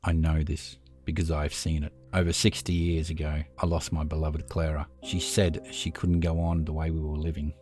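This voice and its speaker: A man voicing Zack, a calm and menacing old vampire leader, speaking solemnly and with command. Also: very deep voice, normal speed, few pauses, soft background music.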